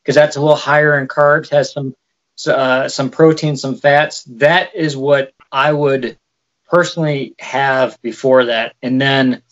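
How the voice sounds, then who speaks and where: A man's voice: medium pitch, fairly even intonation, a little slow, dull audio. A man with a light Wisconsin accent co-hosting a podcast, chatting casually and explaining with frequent fillers. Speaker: podcast co-host. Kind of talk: casual chat.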